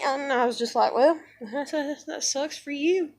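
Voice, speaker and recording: A woman's voice: high-pitched, a little slow. A woman in her thirties venting in a rambling, profane, frustrated monologue. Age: 30s. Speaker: vlogger.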